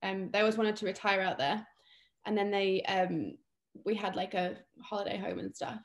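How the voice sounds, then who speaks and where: A woman's voice: medium pitch, steady tone, normal speed. Young British woman, casual guest, chatty with fillers, mid-range voice. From England. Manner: chatty, lots of fillers and restarts. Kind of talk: casual interview chat.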